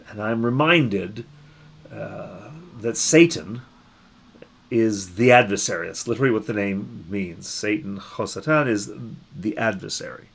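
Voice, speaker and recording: A man, a pastor, giving a daily Bible reflection in an unhurried, musing way, often restarting and repeating words as he thinks. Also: on the low side, a bit bright.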